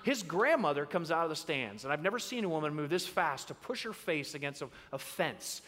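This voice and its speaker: Pastor, man, bright and high-pitched, animated storyteller, reverberant sanctuary. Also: a little fast, few pauses. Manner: animated storyteller, acts out voices. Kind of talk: sermon. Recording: long reverb in a large hall.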